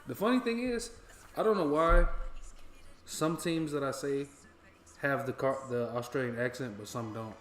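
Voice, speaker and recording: A young American man co-hosting a footy watch-along, reacting excitedly and swearing casually as he reads chat aloud. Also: mid-range voice, normal speed, long pauses. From United States. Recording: roomy echo.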